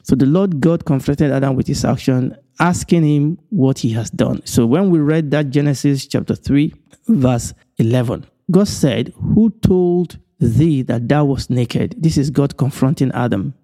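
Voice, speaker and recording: A man's voice: medium pitch, dark tone. A man giving a Bible teaching, stressing points through repetition and chuckling now and then. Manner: repetitive, emphatic phrasing with chuckles.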